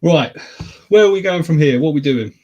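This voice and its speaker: A man's voice: a little high, lively intonation, brisk, warm tone, highs cut off. A man co-hosting a casual podcast chat, teasing, laughing often and swearing casually. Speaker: podcast co-host.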